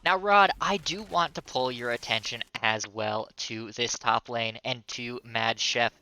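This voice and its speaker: A man's voice: medium pitch, a little slow, bright, forceful tone. A man giving emphatic, analytical color commentary on an esports match.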